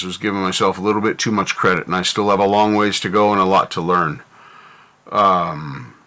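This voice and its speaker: A man streaming, talking candidly and reflectively about his life, halting with fillers and restarts. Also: lowish voice, bright, forceful tone, clean tone. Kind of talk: candid personal talk on stream.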